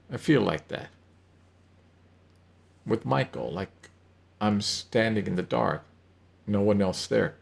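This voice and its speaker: A man voicing a troubled, wry woman who talks in halting, stammering restarts. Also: medium pitch, vocal fry, pitched above the performer's own voice, full character voice.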